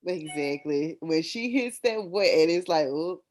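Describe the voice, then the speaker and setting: Animated storytelling woman. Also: low voice, unhurried. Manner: animated, acts out quoted voices. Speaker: teacher. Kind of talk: casual chat, storytelling.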